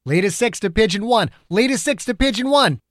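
A man voicing a male military commander who shouts orders in battle. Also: sits high, expressive, brisk, no room sound, studio quality, voice pushed up. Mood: urgent.

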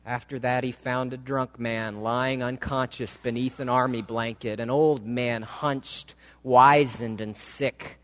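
Slow, dramatic storytelling preacher. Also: male voice, mid-range voice, fairly even intonation, fairly bright tone. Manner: dramatic, slow, emotive reading. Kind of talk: sermon storytelling. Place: church sanctuary. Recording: long hall reverb.

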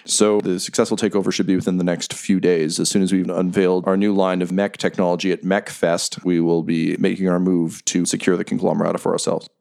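A man voicing a smug, scheming male corporate tycoon who speaks with smooth, false politeness in a tabletop game. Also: low voice, flat delivery, a little fast, hardly any pauses, darkish tone.

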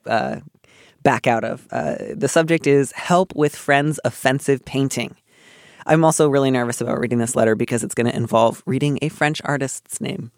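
A man with a mid-range voice hosts an advice podcast, reading out a listener's letter and responding in an earnest, wry and thoughtful manner with lots of filler words. The studio-quality recording has no room sound.

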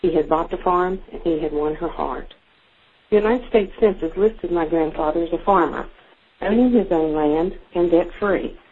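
An older woman reading her own story about her mother aloud, gentle and unhurried, with a few fillers. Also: on the low side, breathy edge. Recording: narrow phone-like sound.

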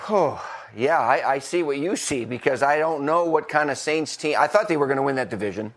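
A man's voice: medium pitch, lively intonation, a little fast. A middle-aged former football coach chatting on a podcast, talkative, laughing often and restarting his sentences. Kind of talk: casual podcast chat.

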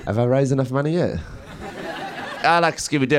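Man doing deadpan stand-up. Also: medium pitch, normal speed, long pauses, a little hiss or hum. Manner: deadpan one-liners, laughing at his own jokes. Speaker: stand-up comedian. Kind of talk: stand-up comedy set. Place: comedy stage before a live audience.

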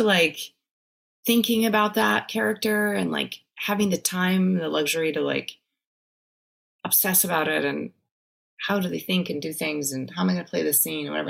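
A woman's voice: deep voice, normal speed, creaky. A woman from Brazil, an actress guest in a casual interview, who talks in a laughing, self-deprecating way.

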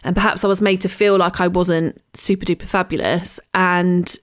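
A woman's voice: lowish voice, steady tone, moderate pace. A woman co-hosting a podcast, talking candidly and with animation, often laughing and repeating herself. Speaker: podcast co-host. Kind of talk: casual chat.

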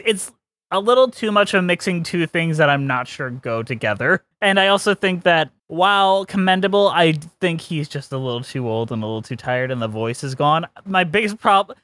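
A podcast co-host chats casually and offers strong opinions, laughing often. His voice sits on the high side and is a bit bright, with no room sound.

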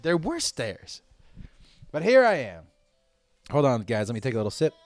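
A man telling a rambling, profane story to his listeners in a casual way, with sudden loud outbursts. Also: mid-range voice, wildly swooping pitch, normal speed, long pauses, dry recording, soft background music.

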